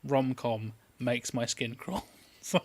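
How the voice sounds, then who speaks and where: A man's voice: mid-range voice, takes it slowly, a little hiss or hum. A man co-hosting a live film discussion, reading out the chat and making blunt, dry asides. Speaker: podcast co-host reading the chat.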